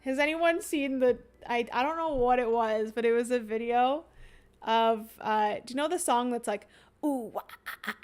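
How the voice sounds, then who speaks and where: A woman's voice: fairly high pitch, moderate pace, smooth, faint music behind. A young woman streamer chatting casually and giggling as she rambles through a livestream.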